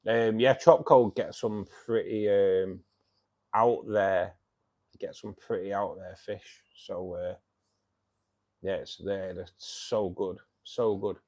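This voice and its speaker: A Mancunian man in his fifties from Manchester, England, hosts a fishkeeping club livestream, chatting casually with viewers and calling them "mate" again and again. His deep voice has fairly even intonation and a darkish tone, and he speaks slowly.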